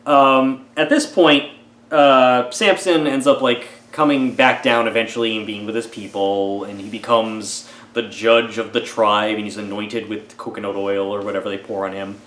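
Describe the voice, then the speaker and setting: A man's voice: lowish voice, fairly bright tone, roomy sound. A man giving a comedic, sarcastic movie review, rambling with lots of "like" and "uh" fillers. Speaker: film reviewer.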